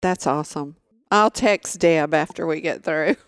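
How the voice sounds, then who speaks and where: A podcast host keeps the conversation going with brief, friendly interjections. The voice sits in a middle pitch. The recording is dry and close. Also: a little slow, clean tone, no room sound. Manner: chiming in with short reactions. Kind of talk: casual interview chat.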